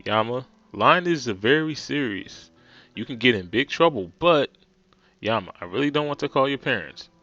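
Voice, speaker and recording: A man's voice: mid-range voice, lively intonation, moderate pace, bright, forceful tone, no echo, lo-fi sound, soft background music. A man doing a pompous scolding teacher. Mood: stern. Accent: New Jersey. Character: stern, stuffy male schoolteacher.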